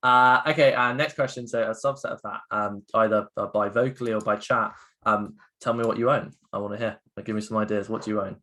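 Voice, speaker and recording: A man's voice: fairly low pitch, fairly even intonation, a little fast, sharp tone. A man giving an interactive online talk as a guest speaker, chatty and upbeat with many fillers, heard over a video call. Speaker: guest speaker, education co-founder.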